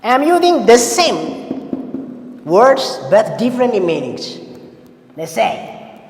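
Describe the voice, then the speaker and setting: A man's voice: very high-pitched, big pitch swings, slow. A man teaching an English lesson to a class, quizzing students and repeating the key points. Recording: echoey hall with long reverb.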